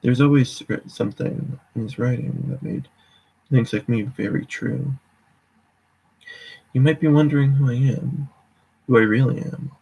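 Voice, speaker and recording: A rotting zombie speaks in a dry, coarse croak, flat and sarcastic, as a man reads him out. The tone is dark and gravelly, with a husky, rough edge. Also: mid-range voice, a little slow, long pauses, poor audio. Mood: deadpan sarcastic.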